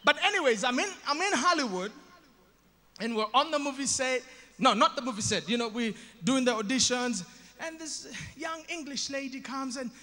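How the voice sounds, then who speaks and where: High, bright-voiced Ugandan comedian. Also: male voice, moderate pace. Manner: animated, acts out voices, self-mocking asides. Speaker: stand-up comedian. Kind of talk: stand-up storytelling. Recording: live in an echoey hall.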